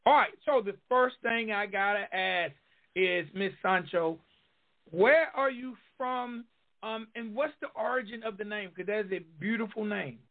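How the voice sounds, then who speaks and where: Southern-drawl male host, high voice, hyped repetitive patter, heard over a tinny phone line. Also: unhurried. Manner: emphatic, repetitive promo patter. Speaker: radio show host. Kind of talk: hyped-up podcast interview hosting.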